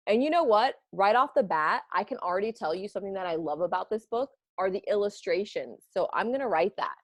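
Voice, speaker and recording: A woman teacher giving a read-aloud writing lesson for children, animated and expressive, a parent herself. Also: medium pitch, fairly quick, no echo, clean studio sound. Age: adult, parent of children. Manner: animated, expressive, bursts of excitement.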